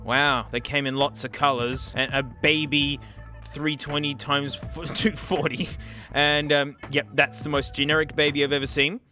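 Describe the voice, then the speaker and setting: A man hosting a casual tech video, talking excitably and joking as he goes through old gadgets. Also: on the high side, moderate pace, soft background music. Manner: excitable, jokey, many exclamations and laughs. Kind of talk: casual unboxing commentary.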